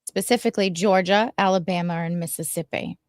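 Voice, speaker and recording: A woman hosting a casual group stream, briskly reading out ranked lists. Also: lowish voice, dry recording. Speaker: stream host.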